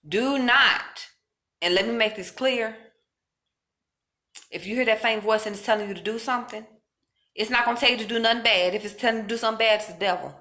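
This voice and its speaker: A woman's voice: fairly high pitch, a little fast, long pauses, pushed and bright. A woman speaking earnestly and informally to her viewers, giving casual spiritual encouragement. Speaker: faith vlogger.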